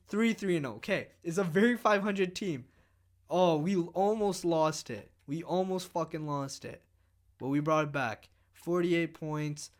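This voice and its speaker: A man with a slightly higher voice gives casual gaming commentary, half muttering to himself as he goes over player stats. When the action heats up, he turns loud and animated. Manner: muttering, then shouting excitedly during game. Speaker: gaming channel host.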